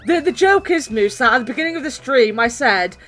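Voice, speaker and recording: Chatting with her stream viewers, this young West Country woman rambles and laughs a lot, her mild British accent carrying a light regional touch. Her voice is on the high side, animated, a bit bright and a little fast, with faint music behind.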